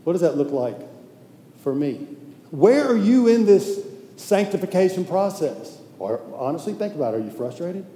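A man preaching in a casual, emphatic way, his voice dark and mellow. He often sinks into a hushed, intense tone. The sound carries a long echo through a large hall, with faint noise behind it. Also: fairly high pitch, big pitch swings, moderate pace. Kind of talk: sermon.

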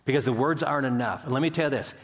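An older man preaching a sermon, earnest and conversational, acting out quoted voices as he tells stories. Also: very fast. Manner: earnest, storytelling, acts out quotes with pitch swings. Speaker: pastor.

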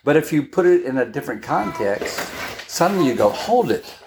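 A woman giving a conversational Bible-study sermon, unhurried, often checking in with her listeners. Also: very deep voice, animated, background noise. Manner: checks in often with "all right?"; unhurried, with pauses and restarts. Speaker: Bible teacher.

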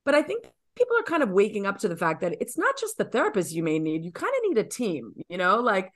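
A woman's voice: medium pitch, wildly swooping pitch, quick pace, a bit bright. A woman co-hosting a podcast as a coach, talking in a chatty, emphatic way with lots of fillers. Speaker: podcast co-host and women's coach. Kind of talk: casual podcast chat.

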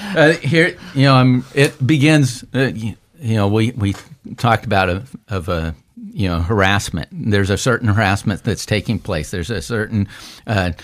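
A pastor talks casually about a psalm at a normal speed, his voice fairly low. He restarts a lot and leans on fillers, breaking now and then into animated quotes.

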